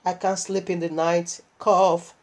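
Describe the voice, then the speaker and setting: A woman's voice: on the low side, little pitch movement, slow. A woman preacher delivering a sermon while unwell and tired, telling her story animatedly and emotionally, with laughs.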